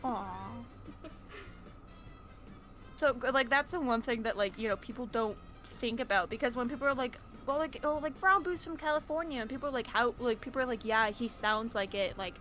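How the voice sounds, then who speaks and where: Woman streamer, casual rambling chat, fairly high voice, music playing behind. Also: normal speed, fairly bright tone. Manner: rambling, with many fillers and restarts.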